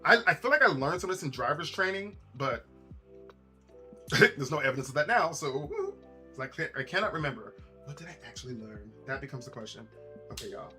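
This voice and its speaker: Young male streamer, chatty and animated, slightly high, bright tone, faint music playing behind. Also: brisk. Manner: chatty, animated, talks to chat. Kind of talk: casual live-stream chat while building.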